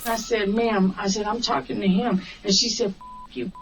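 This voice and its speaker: A woman's voice: mid-range voice, normal speed. A woman taxi driver recounting an incident in an interview, acting out the dialogue as she goes. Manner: animated storyteller acting out quoted dialogue. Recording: distant, muffled recording with faint hiss.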